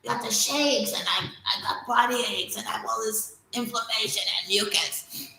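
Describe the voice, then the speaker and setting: A woman's voice: a little high, steady tone, normal speed, gravelly, sharp tone, slight background noise, pitched above the performer's own voice. A woman voicing a vain, self-pitying male sun god who brags and whines. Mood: whiny. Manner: boastful then whiny. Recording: echoey room.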